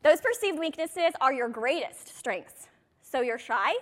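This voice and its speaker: A woman's voice: high-pitched, lively intonation, measured pace, a bit bright. A woman in her thirties coaching a direct sales audience in a chatty motivational talk, with rambling, self-deprecating asides.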